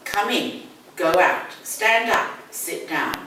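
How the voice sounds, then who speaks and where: A woman's voice: medium pitch, expressive, bright, forceful tone. Older London woman, patient English teacher. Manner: patient, explains slowly, repeats key words. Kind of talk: one-on-one language lesson. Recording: echoey room, distant mic, faint noise.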